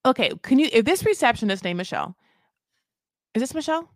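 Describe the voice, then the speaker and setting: A woman's voice: on the high side, sing-song, quick pace, no echo, studio quality. A woman co-hosting a reality TV recap podcast in casual chat, acting out quotes in funny voices. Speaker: podcast co-host.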